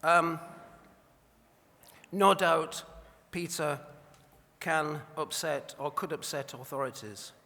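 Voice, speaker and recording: A man's voice: on the high side, takes it slowly, creaky, sharp tone. Man giving a wry speech in a reverberant hall. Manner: wry, anecdotal storytelling. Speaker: award presenter. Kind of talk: after-dinner award speech. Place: large banquet hall.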